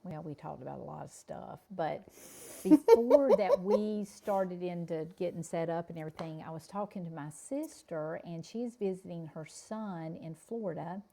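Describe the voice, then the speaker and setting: A woman with a Southern US accent, co-hosting a chatty podcast and telling a long, rambling story in a drawn-out way. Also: on the low side, creaky, mellow. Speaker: podcast co-host. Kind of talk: casual chat, storytelling.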